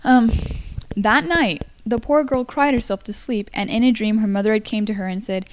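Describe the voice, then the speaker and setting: Stumbling young woman reading aloud. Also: fairly high pitch. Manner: halting, stumbles and apologizes. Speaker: amateur story reader. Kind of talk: casual read-aloud of a folktale.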